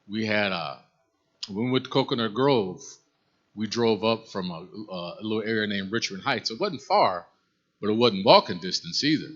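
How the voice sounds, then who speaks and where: A man's voice: on the low side, a bit bright, lo-fi sound. A man teaching a Bible study class. He tells folksy stories and asks the class questions.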